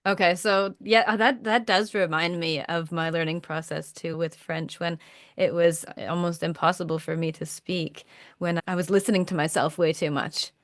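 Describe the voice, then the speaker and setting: A woman's voice: fairly low pitch, steady tone, normal speed, dry recording, clean studio sound. A woman hosting a coaching podcast, reflecting back on what her guest says and sharing her own experience. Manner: reflective, summarizing, encouraging listener. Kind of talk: conversational interview.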